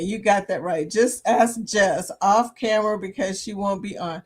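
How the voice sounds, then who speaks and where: A woman's voice: medium pitch, moderate pace, hardly any pauses. An older woman hosting a casual livestream chat, reading viewer comments aloud and laughing often between remarks. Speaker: livestream host.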